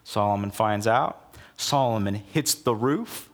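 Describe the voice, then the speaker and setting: A middle-aged male pastor preaching a sermon, telling the story in a lively, casual way and acting out the quotes. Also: on the low side, slow.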